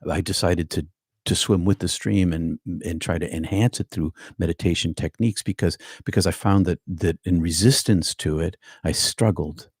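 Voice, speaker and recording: Middle-aged Boston man as a meditation teacher on a live stream, husky and very low, calm with chatty asides. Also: normal speed, no echo, clean studio sound.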